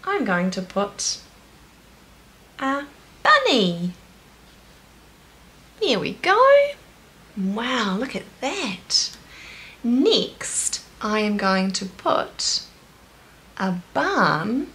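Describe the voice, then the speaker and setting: A woman's voice: medium pitch, big pitch swings, drawn-out words, long pauses, sharp tone. A woman with a New Zealand accent teaching toddlers in a sing-song, encouraging way, with delighted gasps. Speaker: children's teacher. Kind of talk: slow, animated toddler lesson.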